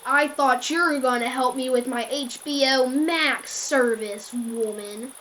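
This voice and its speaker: A woman voicing a menacing male prank caller who makes loud, slow, bullying demands. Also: high voice, slight background noise, low-quality recording. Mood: demanding.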